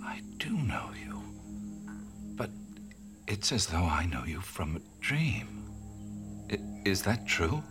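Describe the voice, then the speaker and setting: An actor playing an unsettled adventurer in a radio drama, talking in a hushed, halting way with nervous quips. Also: male voice, sits low, very animated, music in the background, heavily acted.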